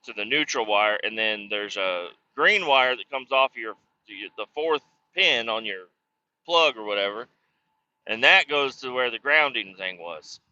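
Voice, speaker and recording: A man's voice: mid-range voice, expressive, unhurried, pushed and bright, no room sound. A man in his thirties streaming a trucking game, chatting casually and telling rambling, profane stories. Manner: rambling, profane, laid-back. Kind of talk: casual gameplay chat and storytelling. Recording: slightly muffled dry mic.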